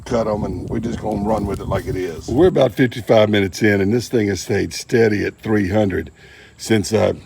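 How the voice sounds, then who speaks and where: A man's voice: lowish voice, moderate pace, vocal fry, a little mellow, slight background noise. Folksy man at the grill. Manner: folksy, joking asides while working the grill. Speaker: barbecue channel host. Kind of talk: casual cooking demonstration. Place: outdoors at a kettle grill.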